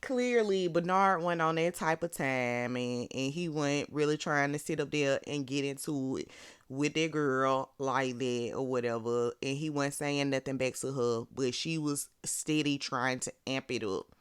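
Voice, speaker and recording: A speaker from Birmingham, Alabama with a Southern accent, giving sassy, animated casual commentary on a reality show and laughing often. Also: medium pitch, a little slow, clean tone, dry recording, studio quality.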